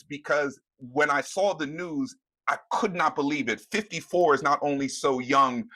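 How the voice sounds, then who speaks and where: A middle-aged man speaking as a guest on a live news panel, earnest and emotional, pausing and restarting as he searches for words. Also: fairly high pitch, fairly bright tone. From United States.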